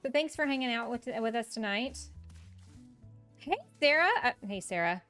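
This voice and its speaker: A woman's voice: a little high, lively intonation, a little fast, fairly bright tone, soft background music. A woman streaming a game, chatting casually with viewers in a chatty, self-mocking way and laughing often. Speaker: live-streaming gamer. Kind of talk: casual gameplay chat with viewers.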